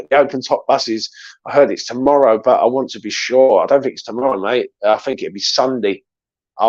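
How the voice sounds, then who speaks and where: A man's voice: mid-range voice, a little mellow, dry recording, muffled recording. A man who hosts a football fan channel, talking casually and emotionally on a live stream, swearing often and answering chat comments.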